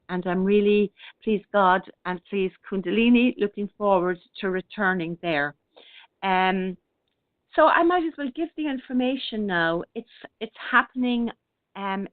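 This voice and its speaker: Gentle woman on a phone-like line. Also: medium pitch, dry recording. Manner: gentle, unhurried, with many hesitations and restarts. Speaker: radio show host. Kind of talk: casual spiritual talk, reading out listener comments. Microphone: online radio broadcast. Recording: thin phone-like line, dry.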